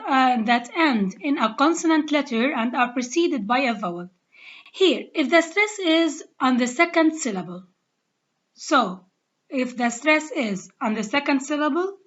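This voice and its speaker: A woman's voice: sits high, fairly bright tone. A woman with a Lebanese accent teaching an English grammar lesson, spelling out letters and repeating each rule step by step. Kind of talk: slow, deliberate grammar lesson. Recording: dull lo-fi recording.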